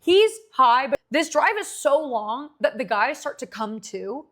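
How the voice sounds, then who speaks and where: A woman in her twenties, a streamer telling a long story in casual chat, animated and swearing freely. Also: sits high, a little slow.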